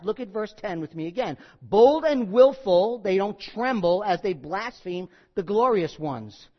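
A man's voice: sits high, dull audio. A man preaching a sermon, reading scripture with rising force and dropping into wry asides.

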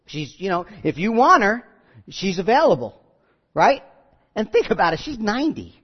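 A man preaching a sermon, telling stories with quoted voices and lively asides. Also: high-pitched, moderate pace, slightly rough. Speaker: pastor. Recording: muffled audio with long hall reverb.

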